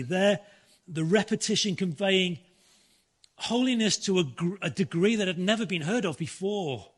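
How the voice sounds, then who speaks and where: Pastor giving a sermon, earnest, bit higher voice, trips over words sometimes. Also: male voice, lively intonation, moderate pace, husky. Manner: earnest preaching with restarts and soft repeated quotes.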